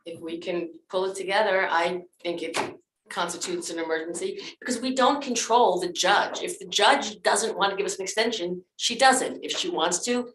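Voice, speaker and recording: A woman on a township committee, speaking in a measured, matter-of-fact way at a public meeting. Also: lowish voice, a bit bright. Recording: echoey room with faint noise.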